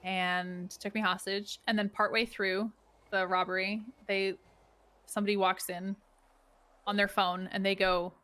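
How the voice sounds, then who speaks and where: A woman chatting in character during a role-play game, telling animated stories. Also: mid-range voice, a little slow.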